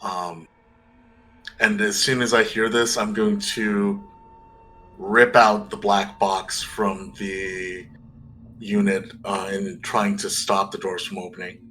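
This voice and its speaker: A man playing a tabletop game, describing his character's actions deliberately with many hesitations. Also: fairly low pitch, level tone, pushed and bright, a little hiss or hum, low-quality recording. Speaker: player.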